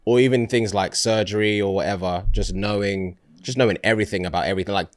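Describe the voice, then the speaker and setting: A man's voice: on the low side, steady tone, fast. Laid-back man bantering. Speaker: podcast co-host. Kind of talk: casual chat.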